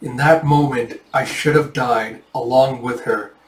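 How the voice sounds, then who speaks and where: A man's voice: medium pitch, fairly even intonation, a little slow, close to an everyday voice. A man doing a mopey guilt-ridden young nobleman. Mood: brooding. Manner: mopey, self-pitying. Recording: echoey room, mic at a distance.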